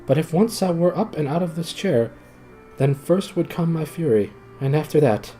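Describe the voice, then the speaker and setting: Man voicing a desperate enchanted knight in a storybook reading, high, strained, begging. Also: lively intonation, moderate pace, warm tone, soft background music, natural voice, low-quality recording. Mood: urgent pleading. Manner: high strained pleading, rising to shrieks. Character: tormented enchanted knight, adult man, pleading.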